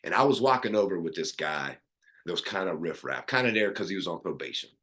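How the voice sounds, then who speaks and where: A middle-aged man, a podcast guest, telling a personal story in an earnest, animated way with many restarts. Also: deep voice, fast talker.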